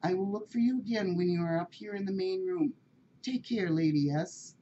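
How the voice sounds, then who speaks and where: A polite, admiring male cat from a read-aloud story, speaking formally and courteously , as a woman puts him on. Her voice is low, and the recording is dull with faint hiss. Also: normal speed, mellow, close to an everyday voice. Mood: courtly.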